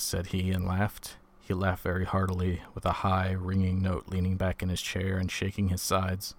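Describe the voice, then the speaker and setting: A man reading a story aloud in a measured, even way, lightly voicing the dialogue. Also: sits low. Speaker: audiobook reader. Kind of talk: scripted narration.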